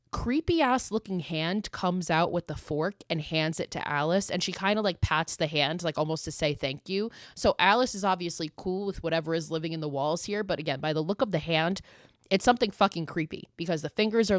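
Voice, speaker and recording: A woman's voice: on the low side, no room sound, studio quality. A young woman hosting a podcast, recapping a horror film in a casual, profane, chatty way full of "like". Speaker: podcast host.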